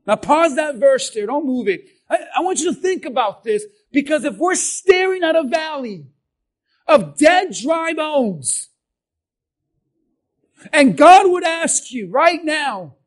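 High-voiced preacher shouting his sermon. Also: sing-song, unhurried. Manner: impassioned preaching, swings from shouts to quiet; asks the congregation questions. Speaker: pastor.

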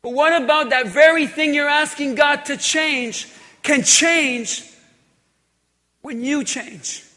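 High, bright-voiced man preaching in a hall. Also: a little slow. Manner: emphatic preaching, repetitive phrasing, drops to quiet intensity. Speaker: pastor. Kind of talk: sermon. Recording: long hall reverb.

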